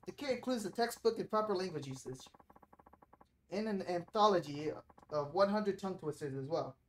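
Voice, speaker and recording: A woman's voice: fairly low pitch, animated, normal speed, slight background noise, lightly acted. A woman reading as a prim, pushy teacher. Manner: formal, correcting, salesy.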